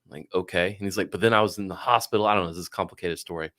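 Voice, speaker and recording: A middle-aged man with a low voice tells a long, tangled story in a loose, casual way. He is animated and swears freely, slipping into the voices of the people he quotes. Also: rapid-fire. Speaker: podcast guest.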